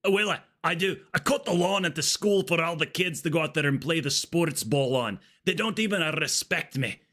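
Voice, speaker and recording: A gruff Scottish groundskeeper, put on by a male streamer, grumbling about how nobody respects him. The voice sits a little higher than ordinary talk, rough and put-upon. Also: expressive, brisk, a bit bright. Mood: aggrieved. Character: grumpy male Scottish school groundskeeper, middle-aged.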